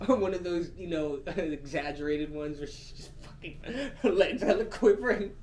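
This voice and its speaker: A man co-hosting a podcast in crude casual chat, cursing and laughing often, swinging between loud and soft. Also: on the high side, lively intonation, moderate pace, slight background noise. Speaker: podcast co-host.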